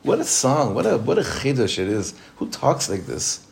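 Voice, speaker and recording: Informal rabbi teaching a class. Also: male voice, medium pitch, big pitch swings, normal speed, gravelly. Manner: conversational, repeats phrases for emphasis, chuckles often.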